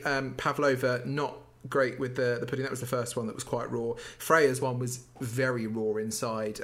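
A man co-hosting a podcast, telling stories in casual chat, acting out quotes and laughing. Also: mid-range voice. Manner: animated storyteller, acts out quotes, laughs. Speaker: podcast co-host. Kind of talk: casual chat recapping a TV show.

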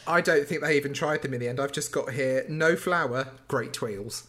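Speaking at a moderate pace in a mid-range voice, a podcast co-host chats casually while going over a TV show. He tells the stories with animation, performing the quotes and laughing along the way.

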